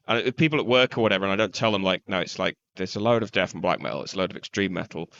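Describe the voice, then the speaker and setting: Male podcast co-host, low voice, dull lo-fi mic, hesitant and loose. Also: fairly even intonation, very fast, hardly any pauses, a bit bright. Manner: hesitant, loose, many restarts and fillers. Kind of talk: casual podcast chat.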